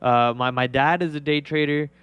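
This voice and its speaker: A man's voice: a little high, fairly even intonation, normal speed, fairly bright tone, clean tone, no room sound. A young man hosting a trading livestream, chatting casually and rambling with many fillers and restarts. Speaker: trading show host.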